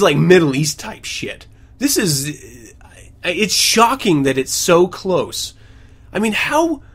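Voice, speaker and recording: A man with a lively, swooping voice reads news items on his podcast and keeps breaking into sarcastic rants. His asides are mocking and loud, and he sits fairly high for a man. He records at home. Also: husky. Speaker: podcast host. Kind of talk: ranting commentary on news.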